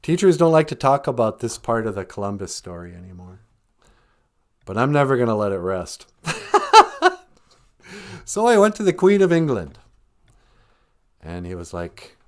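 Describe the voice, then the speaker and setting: A man's voice: mid-range voice, sing-song, moderate pace, long pauses. An older man hosting a podcast, joking sarcastically and laughing often as he talks. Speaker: podcast host. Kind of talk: comedic casual chat.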